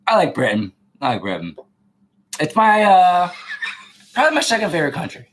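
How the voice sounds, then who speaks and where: An American man hosting a casual live chat, loud and joking, swearing often and trying mock accents. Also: high-pitched, wildly swooping pitch, a little fast, a little hiss or hum. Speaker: host.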